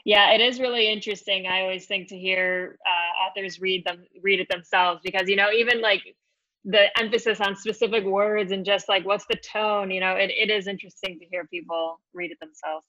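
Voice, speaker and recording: Woman author, interview chat, thoughtful, mid-pitched, slightly muffled, dry. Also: fairly even intonation, fairly quick, pushed and bright, dry recording. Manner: thoughtful, with many fillers and restarts.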